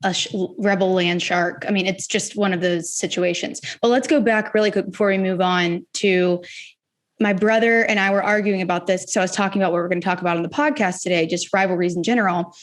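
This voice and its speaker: A young adult woman from the Memphis area co-hosting a sports podcast, telling stories in a lively casual way and acting out the voices of people she quotes. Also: on the low side, brisk. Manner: animated storyteller, acts out quoted voices. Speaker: podcast co-host.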